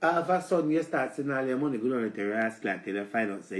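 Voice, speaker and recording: Expressive and quick, a mid-range Jamaican-accented voice rings through a roomy space as he speaks directly to his live-stream listeners. He rambles in a preachy, lecturing way and keeps repeating "let me tell you something."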